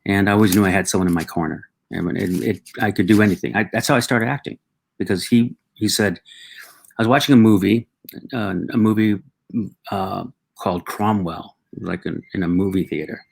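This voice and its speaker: Gravelly, low-voiced man telling stories. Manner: reflective, halting, with frequent restarts and acted quotes. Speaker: guest. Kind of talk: reflective personal storytelling.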